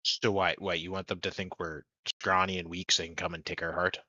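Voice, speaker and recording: A man's voice: low-pitched, level tone, brisk, pushed and bright, slightly rough, no room sound, highs cut off. A man chatting casually as a player in a tabletop game, joking, laughing often and swearing freely.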